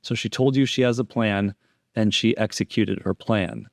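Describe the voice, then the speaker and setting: Man, instructor, methodical explainer, repeats phrases, low pitch, dry room. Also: normal speed, creaky, a little mellow, no room sound. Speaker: deception analysis instructor. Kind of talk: explanatory lecture over interrogation footage.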